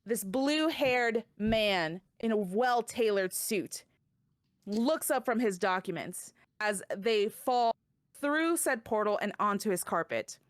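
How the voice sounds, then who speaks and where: A woman narrating an improvised fantasy story, animated and excitable and often tripping over her words. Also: medium pitch, slow, no room sound, clean studio sound.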